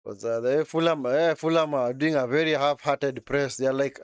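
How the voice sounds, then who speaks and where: A man's voice: medium pitch, steady tone, moderate pace, hardly any pauses, smooth, no echo, clean studio sound. Chatty man calling a match live. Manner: chatty, frequent tag words like man and eh. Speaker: watchalong commentator. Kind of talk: casual live match commentary.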